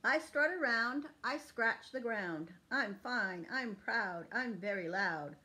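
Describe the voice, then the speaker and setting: A woman voicing a proud, loud rooster from a storybook, in boastful sing-song rhymes. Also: fairly high pitch, lively intonation, slow pace, exaggerated voice.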